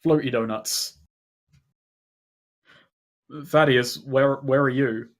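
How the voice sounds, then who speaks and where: A man's voice: mid-range voice, fairly even intonation, takes it slowly. Man rambling as tabletop game master. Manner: loose, rambling narration.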